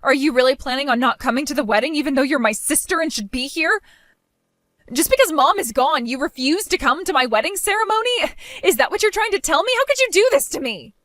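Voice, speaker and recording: Actress playing a self-absorbed bride, high lively voice, whiny and demanding, dry close sound. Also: female voice, a little fast, no room sound. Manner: whiny, pleading, self-centered. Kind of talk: dramatized story voice acting.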